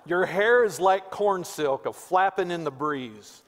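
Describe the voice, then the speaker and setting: A man voicing a folksy Texas redneck husband who recites a love poem in a slow, hammy drawl, recorded in a reverberant church sanctuary. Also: high voice, lively intonation, pitched above the performer's own voice.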